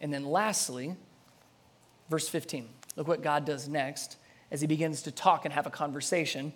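Pastor, church sermon, dramatic delivery, loud then soft. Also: mid-range voice, steady tone, moderate pace.

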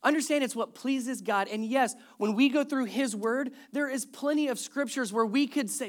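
A man's voice: extremely high pitch, moderate pace, hardly any pauses. A man in his thirties preaching a sermon as pastor, speaking conversationally, with wry humor and repeated emphasis on key words.

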